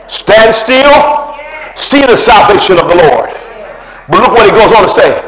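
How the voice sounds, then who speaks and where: High-voiced, fiery male preacher. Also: moderate pace. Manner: impassioned, shouting call-and-response preaching. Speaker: pastor. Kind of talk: sermon. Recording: echoey room.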